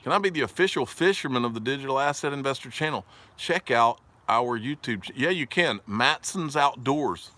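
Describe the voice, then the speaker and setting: Chatty Southern man, bright forceful voice. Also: mid-range voice, animated, normal speed. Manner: rambling and jokey, laughs often, reads viewer comments aloud. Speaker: livestream host. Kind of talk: casual livestream chat.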